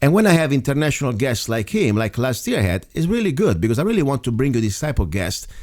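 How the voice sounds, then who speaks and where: A man's voice: mid-range voice, sing-song, quick pace, a little mellow. A man with an Italian accent hosting a local talk radio show, speaking earnestly and rambling between points. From Italy. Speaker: radio host.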